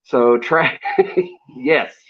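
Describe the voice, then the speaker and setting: A man's voice: mid-range voice, very slow. A man telling stories as an interview guest in casual chat, laid-back and rambling with fillers and small laughs. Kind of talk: casual storytelling. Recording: dull lo-fi sound.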